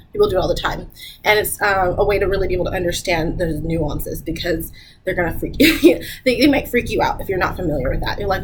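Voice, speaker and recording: A woman talking casually to camera with travel advice. She is chatty, laughs often and jumps up in pitch when she mimics people. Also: slight background noise, poor audio. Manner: chatty, laughs often, repeats "I'm gonna tell you right now".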